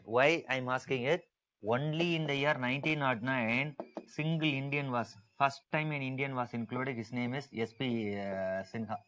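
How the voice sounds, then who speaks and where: A man teaching an online exam-prep class, drilling his points home by repeating them and stressing each one. His voice sits at an ordinary middle pitch, and he keeps checking in with his students as he goes. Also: a bit bright, low-quality recording. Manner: repetitive, emphatic, asks students to type answers.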